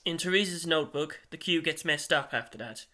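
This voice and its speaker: Bright-voiced male audiobook narrator. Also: on the high side, normal speed. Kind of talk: scripted narration.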